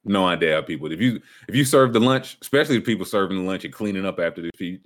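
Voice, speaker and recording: A man co-hosting a casual chat, telling animated, slangy stories and acting out what other people said. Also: sits low, rapid-fire. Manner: animated storyteller, slangy, acts out quotes in voices.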